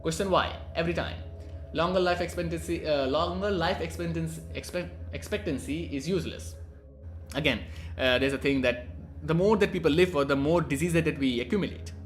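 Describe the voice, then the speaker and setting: A man's voice: fairly high pitch, fairly quick, a little hiss or hum. A young man from India rambling casually through a profane, cheeky monologue as a vlogger.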